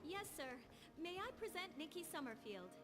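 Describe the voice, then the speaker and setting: A woman's voice: very high-pitched, big pitch swings, moderate pace, over music. An actress playing a young, spirited female demon-hunting agent who answers earnestly and eagerly.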